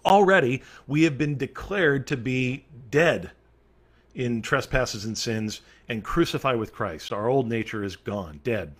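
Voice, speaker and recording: A man's voice: medium pitch, measured pace. A male pastor leading a Bible study, reading scripture aloud and then explaining it earnestly and emphatically, with casual fillers along the way.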